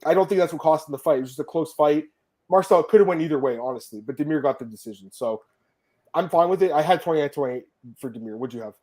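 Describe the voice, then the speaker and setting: Podcast host guy, rattles off takes fast, blunt and swears a lot, mellow dark tone. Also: on the high side. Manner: emphatic, blunt, swears freely. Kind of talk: casual sports podcast chat.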